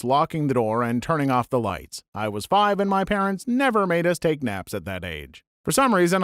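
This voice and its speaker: A man's voice: medium pitch, no echo, clean studio sound. A man reading online stories aloud and adding wry, joking asides between them. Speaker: narrator.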